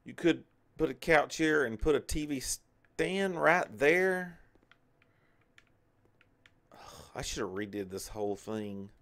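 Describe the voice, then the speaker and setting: A man's voice: medium pitch, lively intonation, slow, pauses often, a bit bright. A man hosting a casual let's play, chatting and talking to himself as he plays. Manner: chatty, talks to himself while playing. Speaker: gaming channel host.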